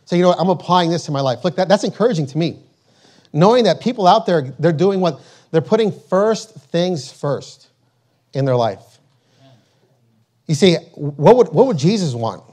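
A man preaching a sermon, emphatic and repetitive, slowing down to read scripture aloud. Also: on the high side, lively intonation, a little mellow.

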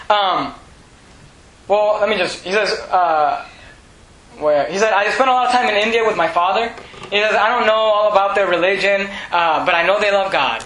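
A man preaches with a high, bright voice, rising to shouts and dropping to near hushes. The sermon rings around an echoey church hall. A faint background hiss sits under it. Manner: fervent preaching that swings from shouted peaks to hushed lows. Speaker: pastor.

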